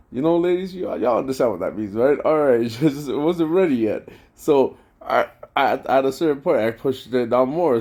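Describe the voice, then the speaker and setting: A man telling a rambling, profane story in a casual vlog rant, full of slang and excited outbursts. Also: medium pitch. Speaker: vlogger.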